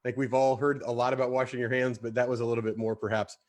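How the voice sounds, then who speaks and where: A man hosting a live online show, upbeat and jokey, bantering quickly with his co-host. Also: medium pitch, level tone, darkish tone.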